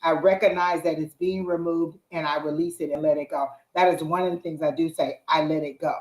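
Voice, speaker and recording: A woman's voice: deep voice, fairly even intonation, a little fast, a little mellow, reverberant, poor audio. A woman tarot reader giving earnest, repetitive spiritual advice in a casual live reading.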